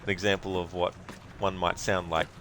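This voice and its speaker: An Australian man streaming a video game, chatting casually with viewers in a relaxed, rambling way and laughing easily. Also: low voice, brisk, slight background noise.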